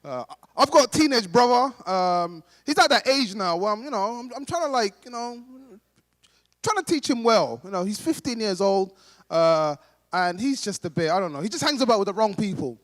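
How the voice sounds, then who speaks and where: High-voiced London comic in a hall. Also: male voice, expressive, normal speed, fairly bright tone. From Britain. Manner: chatty, addresses the crowd directly, acts out quoted voices. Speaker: stand-up comedian. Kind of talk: stand-up comedy set. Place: large hall at a gala dinner. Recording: live hall with long reverb.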